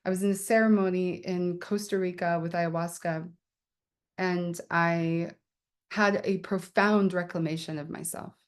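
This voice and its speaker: A woman poet hosts her book launch over a video call, chatting casually and candidly with many fillers and laughs. Her voice sits on the low side, with a steady tone and a slightly slow pace.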